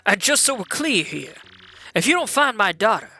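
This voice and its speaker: A man putting on a gruff older mob boss with a thick New York gangster accent, bossy and clipped. The voice has a bright, sharp edge over a faint bed of music. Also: high-pitched, big pitch swings, normal speed, pitched above the performer's own voice, heavily acted. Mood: scheming. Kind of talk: video game dialogue read-along.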